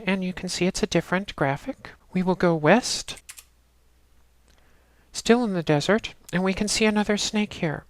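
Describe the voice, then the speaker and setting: Woman with a lowish voice doing a chill walkthrough, calm step by step instructions. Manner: steady, instructional, talks the player through each step. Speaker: game walkthrough narrator. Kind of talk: casual let's-play walkthrough narration.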